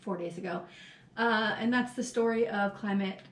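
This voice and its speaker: A woman's voice: medium pitch, moderate pace, slight background noise. A woman co-hosting a podcast in casual chat, blunt, swearing freely and laughing often. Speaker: podcast co-host. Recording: roomy echo.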